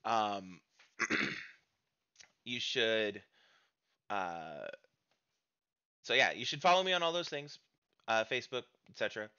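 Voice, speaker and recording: A man's voice: fairly low pitch, expressive, takes it slowly, long pauses, sharp tone, clean tone, muffled recording. An American man in a casual stream outro chat, rambling and hesitant with many fillers.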